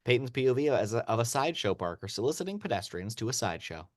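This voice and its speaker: A man reads a screenplay's action lines aloud, steady and even. His pitch sits at a middle level. The sound is dry, with no room echo. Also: quick pace. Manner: steady read-aloud narration. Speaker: narrator of stage directions.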